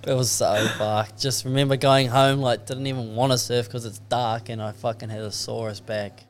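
A young man, a surfer, chatting casually as a podcast guest with relaxed, sweary replies. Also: medium pitch, moderate pace, a little hiss or hum.

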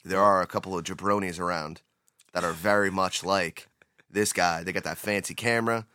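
A man's voice: sits low, steady tone, moderate pace, bright, forceful tone. A young man co-hosting a casual podcast chat, joking and slipping into mock voices. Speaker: podcast co-host.

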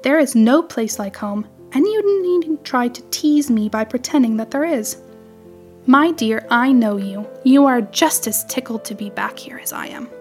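A woman reading a children's story, voicing a fussy, sharp-tongued female wren with a tart, scolding, chattering manner. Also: a little high, animated, unhurried, faint music behind.

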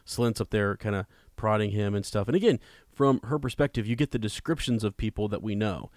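A man's voice: lowish voice, fairly quick, darkish tone, dry recording, studio quality. A man co-hosting a podcast, chatting casually about a book and reading passages aloud with frequent restarts. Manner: conversational, repeats words, reads quotes plainly. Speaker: podcast co-host.

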